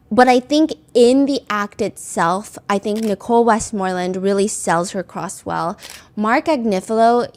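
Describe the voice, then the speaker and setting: A woman hosting casual commentary, recapping a trial in a chatty way with many filler words and acted-out quotes. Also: medium pitch.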